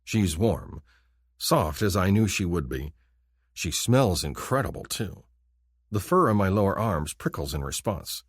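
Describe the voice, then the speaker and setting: A man narrating a romance audiobook in the first person, in an expressive, intimate manner. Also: deep voice, measured pace, husky, dry recording, clean studio sound.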